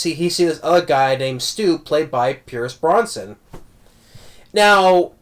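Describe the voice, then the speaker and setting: A man giving a casual spoken film review, rambling, with many restarts and tag questions. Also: fairly high pitch. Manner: warm, amused fan talk. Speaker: movie reviewer.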